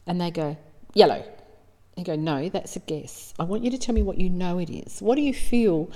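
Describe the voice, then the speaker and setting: A woman's voice: lowish voice, moderate pace, dark tone, long reverb tail. A middle-aged Australian woman, a psychic medium, telling stories in casual, earnest talk and acting out bits of dialogue. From South Australia. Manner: earnest, emotional, acts out dialogue.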